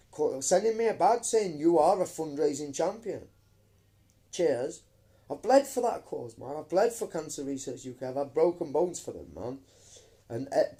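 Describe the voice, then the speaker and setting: A man's voice: on the high side, mellow. A man, ranting emphatically into his phone camera on a live stream, swearing and calling listeners mate. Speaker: vlogger.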